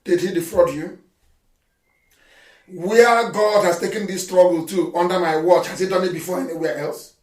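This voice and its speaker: A man delivers a fiery radio address, shouting, mocking and scolding. His voice sits high. It comes through echoey and distant, well off the mic. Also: fairly even intonation, normal speed. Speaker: political activist broadcaster.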